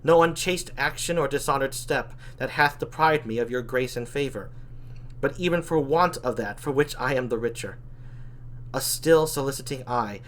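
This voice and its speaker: A man reading the lines of an honest, proud young princess in a verse play, quiet and even. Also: medium pitch, moderate pace, a little hiss or hum, lightly acted. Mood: steady.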